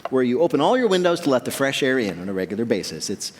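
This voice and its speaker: A man's voice: medium pitch, big pitch swings, fast talker, slight background noise. A man hosting a comic news quiz, joking and laughing at his own lines before a live audience. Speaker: quiz show host. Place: theater stage. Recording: live theater with long reverb and audience.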